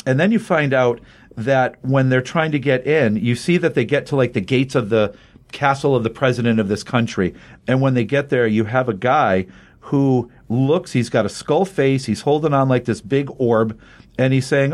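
A man's voice: medium pitch, normal speed. Male podcast co-host, mid-range voice, loose conversational recap delivery, rambling with restarts. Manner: chatty, rambling, with frequent restarts and quoted dialogue. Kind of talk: casual comic book recap.

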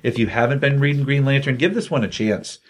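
Talking fast in a mid-pitched voice, this comic book podcast co-host retells a story with lots of energy, tossing off character quotes along the way. The chat stays relaxed and informal, like a casual review.

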